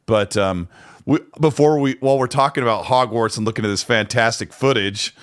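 A man's voice: mid-range voice, brisk. Man co-host for a casual gaming show, loose and rambling. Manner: rambling, frequent restarts. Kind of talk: casual podcast chat.

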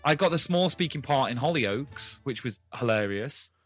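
A man chatting on a podcast, telling animated stories, laughing often and slipping into accents. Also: medium pitch, moderate pace, slightly rough, soft background music. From family from Liverpool. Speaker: podcast guest. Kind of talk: casual podcast chat.

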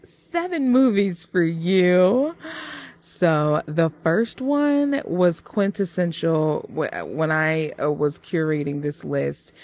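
Podcast host, woman, chatty and upbeat, slow unhurried delivery, lowish voice. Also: vocal fry, darkish tone. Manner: chatty, hyped, talks straight to listeners. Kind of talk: casual movie-review podcast.

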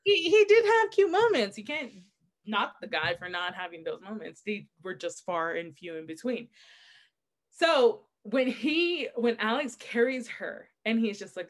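Laughing, animated young woman storyteller. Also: fairly high pitch, measured pace. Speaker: podcast co-host. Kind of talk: casual book chat.

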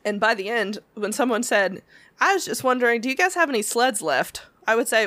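A woman's voice: on the high side, lively intonation, brisk, a bit bright, no room sound. Woman rambling thru funny work stories, laughing a lot, super dry close sound. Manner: rambling, laughing, acting out customers in her stories. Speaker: podcast co-host. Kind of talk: casual storytelling chat.

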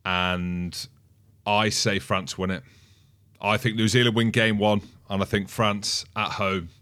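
Male podcast co-host, low voice, thinks aloud, casual and measured. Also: level tone, a bit bright, smooth. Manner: thoughtful, talks through ideas aloud. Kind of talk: casual sports chat.

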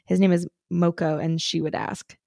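Young woman co-host, low and gravelly, dry close sound, laid-back chatty reads. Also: animated, moderate pace, darkish tone, no echo. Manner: laid-back, swears casually. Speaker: podcast co-host. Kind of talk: casual chat, reading listener stories.

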